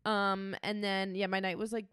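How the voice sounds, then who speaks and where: A young woman in her twenties co-hosting a podcast, chatting in a relaxed way with lots of "like"s. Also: medium pitch, moderate pace, clean tone, dry recording, clean studio sound. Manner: relaxed, filler-heavy speech with many "like"s. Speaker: podcast co-host. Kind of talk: casual chat.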